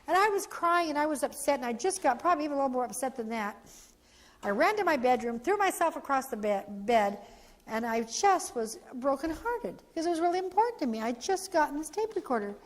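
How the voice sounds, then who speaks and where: A woman's voice: high-pitched, quick pace. A woman, founder and parent trainer, giving a heartfelt training talk and acting out the voices in her story. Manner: heartfelt, animated, acts out quotes. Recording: echoey hall.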